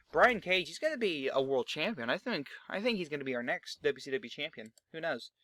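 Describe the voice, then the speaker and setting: A man's voice: a little high, expressive, normal speed, background noise. Chatty young man rambling over a game. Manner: rambling, chatty, swears freely. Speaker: gaming channel host. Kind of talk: casual let's-play commentary.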